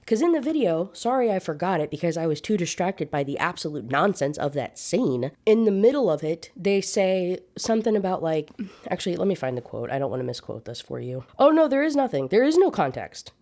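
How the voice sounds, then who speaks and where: A young woman in a casual book-review rant, sarcastic and fed up, with frequent swearing. Her voice sits a little low, with a warm, mellow tone. She talks straight to the listener like a friend. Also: sing-song, a little fast. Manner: sarcastic, exasperated, swears freely.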